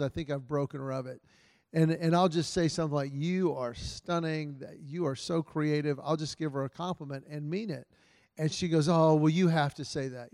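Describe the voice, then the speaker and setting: A man's voice: fairly high pitch, darkish tone, dry recording, studio quality, long reverb tail. A man giving earnest, storytelling marriage advice to husbands in a casual talk, often quoting his wife's words in his own voice.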